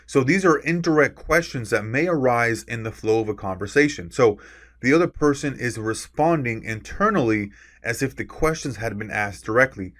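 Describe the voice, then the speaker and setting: A man's voice: medium pitch, animated, normal speed, a bit bright. A man teaching a recorded course lecture. He explains with examples, stresses key words on purpose and often adds a tag "right?". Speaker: course instructor.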